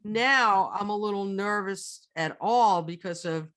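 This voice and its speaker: A woman's voice: medium pitch, measured pace. A woman co-hosting a casual chat, telling stories with lots of energy and restarts. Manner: animated storyteller, lots of restarts. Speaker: co-host.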